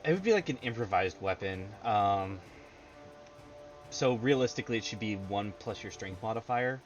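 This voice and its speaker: A man's voice: lowish voice, lively intonation, normal speed. Laid-back male game master, lo-fi stream. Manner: laid-back, laughs often, many fillers. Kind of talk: narrating a tabletop game. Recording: dull lo-fi stream audio with faint music.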